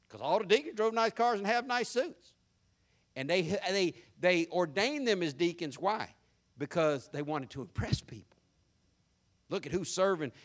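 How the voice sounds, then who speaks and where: A pastor with a high, light voice and a Southern country accent delivers a folksy sermon that pokes fun at pretension. His delivery shifts from hushed asides to loud, hooping emphasis.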